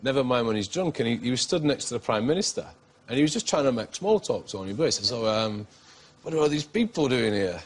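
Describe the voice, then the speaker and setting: A man's voice: mid-range voice, expressive, quick pace. Laughing man telling stories. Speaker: interview guest. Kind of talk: casual anecdotes in a TV interview.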